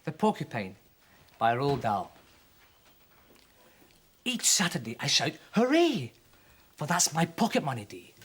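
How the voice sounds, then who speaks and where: Animated reader of a children's poem. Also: medium pitch, a little slow, pauses often, slightly rough. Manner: animated, with voices for the characters. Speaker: children's TV presenter. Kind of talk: reading a poem aloud for children.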